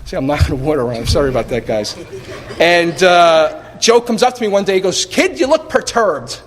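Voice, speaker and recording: A man's voice: on the high side, quick pace. Wry man telling his story in an echoing hall. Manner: animated, wry storytelling with rhetorical questions and quoted dialogue. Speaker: speaker sharing at a recovery meeting. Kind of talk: personal recovery story told to a live audience. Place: meeting hall. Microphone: taped at a live meeting. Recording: reverberant hall recording.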